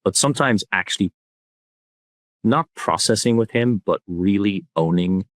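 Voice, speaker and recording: A man speaking as a podcast guest, talking in a soft, reflective and candid way in a relaxed conversation. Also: lowish voice, measured pace, dry recording.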